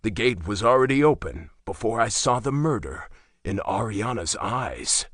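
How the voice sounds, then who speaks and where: A man reading a first-person romance audiobook with dramatic, expressive delivery. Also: lowish voice, moderate pace, no room sound, clean studio sound. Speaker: audiobook narrator.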